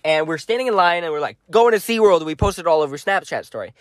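A man's voice: a little high, expressive, fast, no room sound. A young man co-hosting a podcast who chimes in on stories and finishes his friend's sentences. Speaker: podcast co-host. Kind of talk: casual storytelling chat.

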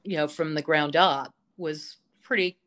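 A woman with a low voice tells stories as a guest on an interview podcast. She speaks slowly and with enthusiasm, filling her pauses with frequent ums and you-knows. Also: fairly even intonation, fairly bright tone. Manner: enthusiastic storytelling, full of fillers. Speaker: vocal instructor, interview guest. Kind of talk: casual interview chat.

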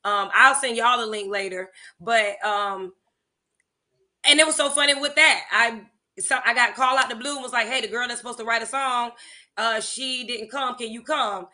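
Woman guest, highish bright voice, laughing as she tells stories. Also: normal speed. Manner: animated storytelling with laughter. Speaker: guest, music teacher and songwriter. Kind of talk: casual interview chat.

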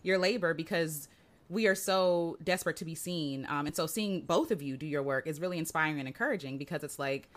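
A woman's voice: deep voice, brisk. Chatty woman hosting an interview. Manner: chatty, uses filler "like" and "right?" often. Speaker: podcast host. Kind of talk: casual conversational interview.

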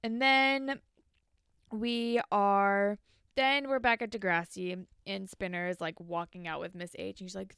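A woman's voice: moderate pace, vocal fry, a bit bright, clean tone, dry recording, studio quality. A young woman co-hosting a casual podcast, recapping a TV episode and acting out the characters' lines. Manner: chatty, acts out characters' lines with big pitch jumps. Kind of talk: casual chat.

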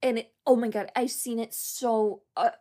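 A woman co-hosting a casual chat, animated and quick to laugh, often trailing off mid-thought. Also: a little high. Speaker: podcast co-host.

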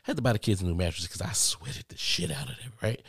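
A man vlogging, telling a story casually to his viewers with lots of cursing and animated asides. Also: mid-range voice, quick pace, vocal fry, husky, no room sound, clean studio sound. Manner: profane, animated, talks straight to viewers.

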